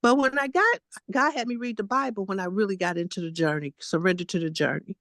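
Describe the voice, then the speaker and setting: A woman's voice: medium pitch, fast talker, a bit bright, dry recording. A woman in her late sixties giving a casual spiritual testimony, blunt and emphatic, repeating herself and fussing at her listeners. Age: 60s. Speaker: guest spiritual teacher.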